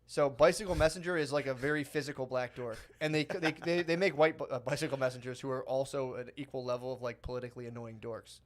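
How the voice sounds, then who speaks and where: A man in his thirties tells a rambling story on a comedy podcast. He acts out every quote in the story and laughs often. His voice sits at an average pitch. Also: fairly even intonation, fast, hardly any pauses. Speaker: podcast co-host. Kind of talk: casual comedy podcast chat.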